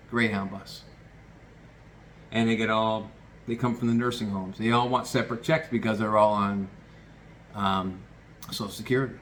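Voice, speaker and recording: A man's voice: on the low side, a bit bright, slight background noise. A man telling a true story in a loose, rambling way, swearing casually and restarting his sentences.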